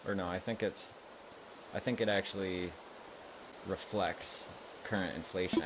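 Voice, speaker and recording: A man's voice: sits low, fairly even intonation, measured pace, long pauses, heavy background noise. A man streaming a video game, chatting casually with rambling asides as he plays. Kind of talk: casual gameplay commentary.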